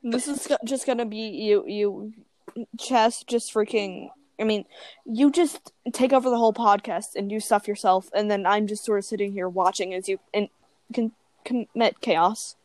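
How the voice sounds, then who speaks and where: A woman's voice: medium pitch, normal speed, darkish tone, no echo. A woman co-hosting a casual podcast chat, laughing a lot and protesting against her friend's teasing. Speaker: podcast co-host.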